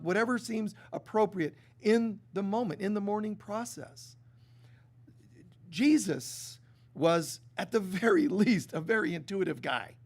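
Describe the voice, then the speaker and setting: High-voiced man preaching conversationally. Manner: conversational and animated, with many restarts and acted-out quotes. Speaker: spiritual teacher. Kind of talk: sermon. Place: stage before a live congregation.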